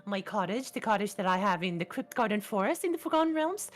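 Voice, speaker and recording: A woman vtuber guest chatting playfully and animatedly in a casual interview. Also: medium pitch. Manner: playful, animated, quick with jokes.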